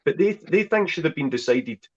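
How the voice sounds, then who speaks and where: A man's voice: a little high, expressive, normal speed. A man co-hosting a football podcast, sounding exasperated and dismissive. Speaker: podcast co-host. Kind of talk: casual football podcast chat. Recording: dull lo-fi podcast audio.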